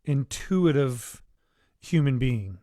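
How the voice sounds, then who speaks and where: A man hosting a casual interview, relaxed and encouraging, laughing along with his guest. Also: medium pitch, slow pace. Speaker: host.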